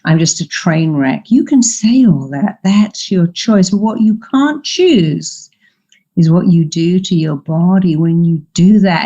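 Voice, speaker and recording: A woman's voice: on the low side, warm tone, muffled recording. An older woman, a therapist, giving emphatic coaching advice in a podcast interview and acting out quoted voices. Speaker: therapist and guest speaker.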